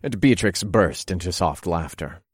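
A man narrating an erotic audiobook in the first person, calm and commanding. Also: sits low, measured pace, breathy edge, no room sound, studio quality.

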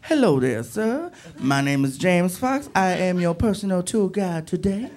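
A man doing a flat, drawling older driver. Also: sits high, a little slow, noisy background. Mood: polite. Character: older male tour driver, slow, unenthusiastic then streetwise.

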